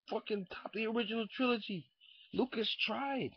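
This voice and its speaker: A young man ranting casually into a webcam indoors, profane and rambling, swinging from muttering to shouting. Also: high-pitched, lively intonation, normal speed, breathy edge, no echo. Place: indoors at home. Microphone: webcam mic. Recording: dull lo-fi webcam audio.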